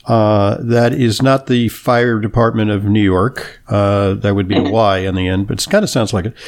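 A man's voice: fairly low pitch, fairly even intonation. Man hosting a podcast interview. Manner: measured, with many uh fillers. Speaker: podcast host.

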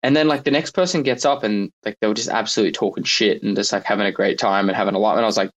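A man's voice: on the low side, fairly even intonation, racing. A man telling stories in a loose, rambling way in a live audio chat room, filling his talk with "like" and laughing often. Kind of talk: casual banter.

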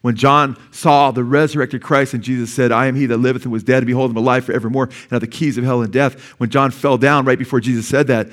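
A man preaching a sermon as pastor, conversational and excitable, with casual asides to the congregation. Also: medium pitch, fast, hardly any pauses.

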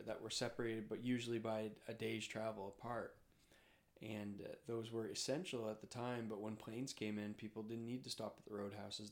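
Man reading aloud from a memoir. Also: fairly low pitch. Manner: hesitant with fillers when speaking freely.

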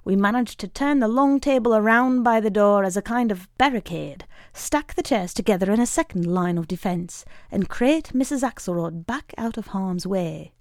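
A woman reading a short story aloud in a measured storytelling voice. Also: medium pitch, lively intonation, a little mellow, dry recording, studio quality. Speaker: reader.

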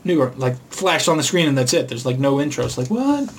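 A man's voice: mid-range voice, big pitch swings, a little fast, over a noisy crowd. A man co-hosting a podcast in casual chat, rambling and retelling funny clips in jumpy voices. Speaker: podcast co-host.

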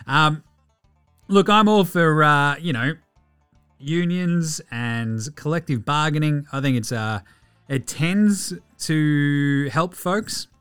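A man's voice: fairly high pitch, expressive, slow, a bit bright, smooth, faint music behind. An Australian man hosting a casual sports news podcast, sarcastic and profane as he mocks the people he talks about. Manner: sarcastic, profane, mocking rants. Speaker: podcast host.

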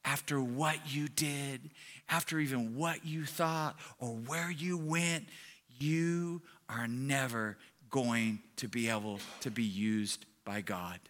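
A man voicing the devil's accusing inner voice, speaking slow, low put-downs. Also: sharp tone.

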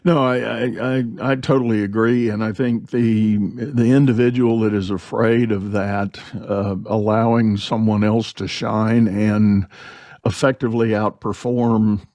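A male podcast host telling a story in an animated, conversational way, often repeating words as he starts a sentence. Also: lowish voice, unhurried, dry recording.

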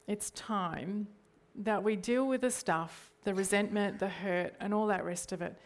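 A middle-aged Australian woman preaches a sermon as a church leader. Her voice sits at an ordinary pitch for a woman, and she speaks earnestly. She often checks in with the congregation through rhetorical questions. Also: a little slow.

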